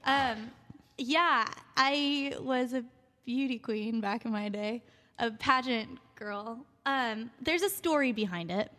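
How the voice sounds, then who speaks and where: A young woman talks casually as a radio guest, chatty and quick to giggle while she tells stories. Her voice sits slightly high. A long reverb hangs on her words. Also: fairly bright tone. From San Diego, California. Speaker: actress and interview guest. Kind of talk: casual radio interview chat.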